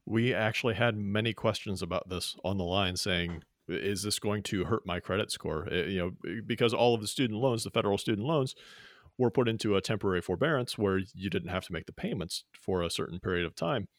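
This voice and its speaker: A man's voice: fairly low pitch, brisk, no room sound, studio quality. A man co-hosting a personal finance show, explaining things plainly and easily with a few fillers. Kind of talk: casual radio show banter.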